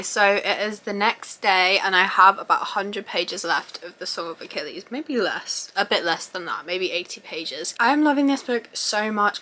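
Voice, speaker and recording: Young female book vlogger, bright and forceful tone, gushing and chatty delivery. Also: mid-range voice. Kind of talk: casual reading vlog updates.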